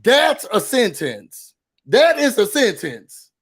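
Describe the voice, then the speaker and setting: Sassy, high-voiced man ranting. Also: slow pace, breathy edge. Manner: expressive, sassy, mimics quotes in a high voice. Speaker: recap show host. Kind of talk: animated recap and rant.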